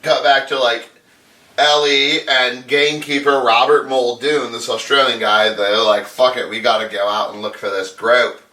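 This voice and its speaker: A man's voice: mid-range voice, fairly even intonation, moderate pace, bright, forceful tone, recorded from a distance. A man giving a crude, sarcastic comedic recap of a movie, swearing constantly. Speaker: podcast host. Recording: echoey room, off mic.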